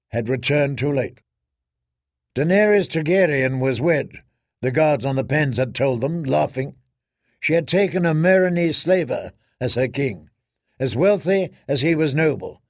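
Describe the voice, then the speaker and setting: Male audiobook narrator: unhurried, gravelly, dry studio read. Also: fairly high pitch, no echo. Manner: measured, dramatic storytelling.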